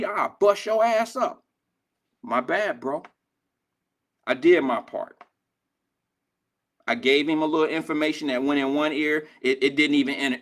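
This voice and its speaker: Animated older man hosting talk radio. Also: fairly high pitch. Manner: animated storytelling, profane street slang. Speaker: radio show host. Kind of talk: casual talk radio monologue.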